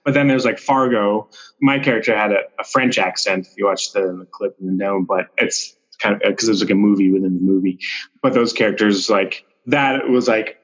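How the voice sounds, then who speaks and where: Low-voiced man in casual podcast chat. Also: brisk, highs cut off. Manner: relaxed, rambling, with frequent restarts and fillers. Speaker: actor, podcast guest. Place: Vancouver.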